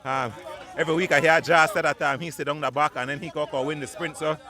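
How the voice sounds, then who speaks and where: A man's voice: on the high side, fairly even intonation, fast talker, bright, forceful tone. A man with a Belizean accent, a cyclist giving a casual, modest post-race interview outdoors. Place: outdoors at a roadside finish line.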